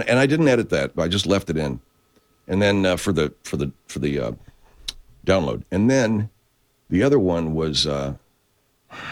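Deep-voiced man rambling with heavy swearing. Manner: profane, digressive, frequent restarts. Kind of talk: casual rambling chat. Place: California.

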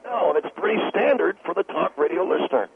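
A brash man phones into a talk radio show, sneering at callers and the host alike. His voice is slightly high and gravelly. It comes through a tinny phone line with faint hiss. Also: expressive, brisk, crowd noise. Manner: brash, condescending and insulting. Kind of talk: call-in talk radio banter.

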